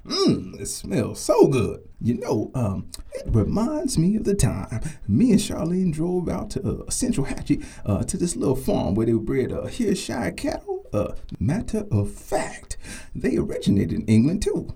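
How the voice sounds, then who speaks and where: A man's voice: on the high side, wildly swooping pitch, normal speed, creaky, dark tone, a little hiss or hum, heavily acted. An actor playing a man on a diet who tells rambling stories full of "uh"s and gets defensive about dessert.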